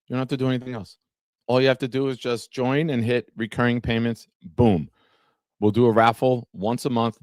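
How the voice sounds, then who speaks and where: Speaking fairly quickly with fairly even intonation, a man with a mid-range, slightly mellow voice hosts a casual live-streamed sports talk show. The podcast host chats with viewers by name and reads from an article, and the dry recording sounds clean, like a studio.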